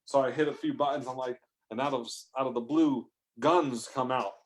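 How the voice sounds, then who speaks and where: A man's voice: medium pitch, fairly even intonation, normal speed. A man improvising a rambling comic story, talking in a loose, profane way with sudden exaggerated outbursts. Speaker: comedic storyteller.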